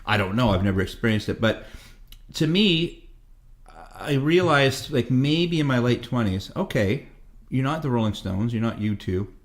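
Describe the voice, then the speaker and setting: A Canadian musician in his fifties appears as a guest in a casual interview, telling rambling stories and swearing freely. He speaks at a moderate pace in a mid-range voice with lively intonation.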